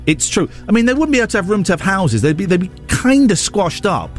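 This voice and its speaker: A man's voice: high voice, very animated, quick pace, soft background music. A man hosting a casual morning radio show, bantering in a playful, mock-indignant way. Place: radio studio. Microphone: studio microphone.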